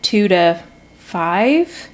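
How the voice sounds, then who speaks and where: A woman guest on a podcast in casual chat, from the US and raised partly in Ireland and England, telling stories with an animated manner. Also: mid-range voice, very slow. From United States, raised partly in Ireland and England. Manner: storytelling, animated when quoting others.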